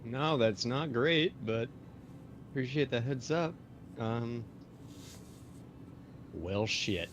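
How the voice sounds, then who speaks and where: Slow, lively-pitched man player. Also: a little hiss or hum. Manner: dry, mock-formal banter. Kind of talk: casual tabletop play.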